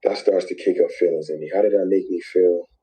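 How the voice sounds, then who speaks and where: A man's voice: low voice, steady tone, a little fast, warm tone, breathy edge, rough recording. A man telling an emotional personal story in a played clip, repeating phrases and dropping to near whispers.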